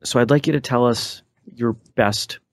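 A man's voice: medium pitch, moderate pace, no echo. A man hosting a podcast interview, asking questions in an easygoing, encouraging way. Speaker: podcast host. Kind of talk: casual interview.

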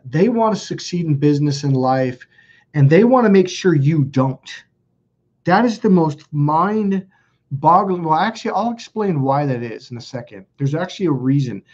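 Husky man telling stories animatedly. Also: on the high side, dull audio. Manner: animated storyteller, acts out quoted dialogue in raised voices. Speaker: self-help video host. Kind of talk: casual spoken monologue to camera.

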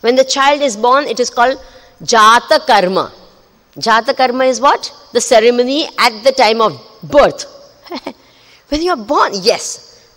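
A woman's voice: on the high side, lively intonation, a little slow, a bit bright. A woman spiritual teacher giving a discourse to a live audience, often asking them questions and laughing between points. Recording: long hall reverb.

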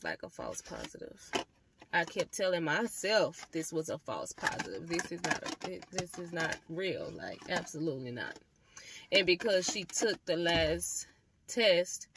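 A young woman telling a storytime vlog to the camera, animated and swearing freely as she talks to her viewers. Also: fairly low pitch, no echo. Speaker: vlogger.

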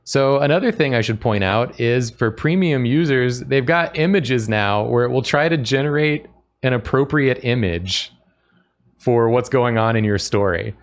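A man at an average pitch co-hosts a casual game stream, reading a text adventure's story aloud. He chuckles often as he reads, and his manner is relaxed and amused. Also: moderate pace. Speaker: stream co-host.

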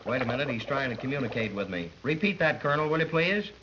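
A man's voice: medium pitch, animated, fast talker. A man acting as straight man and announcer in a 1930s radio comedy, mock-dramatic and chuckling. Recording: muffled old film soundtrack with hiss.

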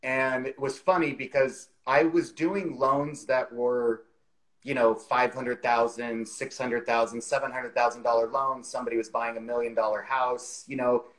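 A man in his forties tells a story from his career in a relaxed interview. His voice sits in an ordinary middle range, and he talks in a chatty, animated way with frequent fillers. It sounds like it was recorded over a video call. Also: medium pitch, moderate pace, low-quality recording. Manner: animated, chatty anecdote telling with many fillers. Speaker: guest, real estate expert.

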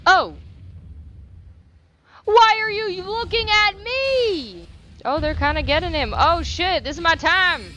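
A woman's voice: very high-pitched, takes it slowly, pauses often, loud music behind the voice. A young woman doing let's play commentary. She swears freely, repeats phrases and talks back to the game. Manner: animated reactions, repeats phrases. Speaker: gaming YouTuber.

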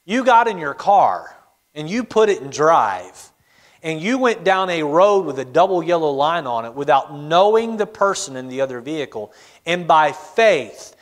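Pastor guy preaching, high voice, long echo off the church walls, keeps quizzing the pews. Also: a bit bright. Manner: asks the congregation questions, acts out their replies. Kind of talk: sermon. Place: church auditorium.

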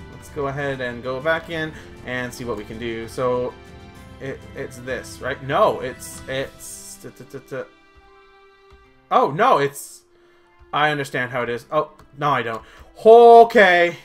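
A man's voice: medium pitch, unhurried, bright, forceful tone, soft background music. A man chatting playfully through a let's play, singing silly little ditties as he goes. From Canada. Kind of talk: casual gameplay commentary.

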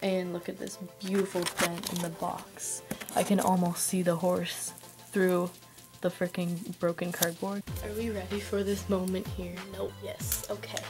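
A woman from Canada filming an unboxing vlog, gushing and breathless with excitement as she chats to the camera and her pet. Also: fairly low pitch, measured pace. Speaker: vlogger. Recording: background music.

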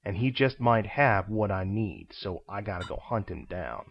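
A man's voice: lowish voice, animated, moderate pace, creaky, muffled recording, slight background noise. A man casually commenting while playing a video game, talking to himself and to viewers with playful, teacher-like asides. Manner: chatty, talks to himself and viewers. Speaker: let's play host.

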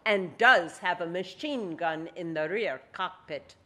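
A woman's voice: fairly high pitch, lively intonation, slow, a bit bright. A woman reading aloud as a proud, tough young Soviet woman bomber pilot with a thick Russian accent. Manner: proud, matter-of-fact.

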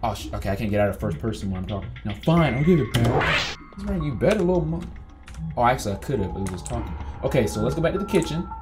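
Brief: man, gaming YouTuber, lively pitch, chatty and loud in bursts, game music behind. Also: very fast, hardly any pauses. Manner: animated, chatty, talks straight to viewers, yelps when startled. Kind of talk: let's play commentary.

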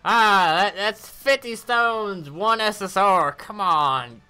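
A woman giving casual commentary on her mobile game summons, animated and cursing at bad pulls. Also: medium pitch, slow pace, clean tone, faint music behind. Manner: animated, groaning, swears.

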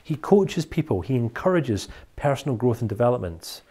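Male lecturer, Scottish accent, lively rising and falling voice, casual humor. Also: medium pitch, normal speed, husky. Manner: chatty, jokey, lively. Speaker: teacher. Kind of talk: recorded course lecture.

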